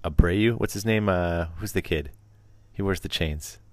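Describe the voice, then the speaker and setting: A man's voice: low-pitched, unhurried. A middle-aged man hosting a casual sports chat, rambling and teasing, often restarting his sentences. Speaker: podcast host.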